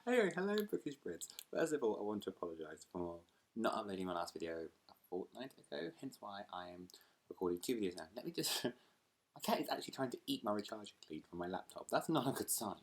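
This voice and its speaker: Lively chatty man, low voice. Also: fast, husky. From United Kingdom. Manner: chatty, animated, laughs easily, jumps between asides. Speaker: book vlogger. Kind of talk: casual rambling chat to camera. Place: at home.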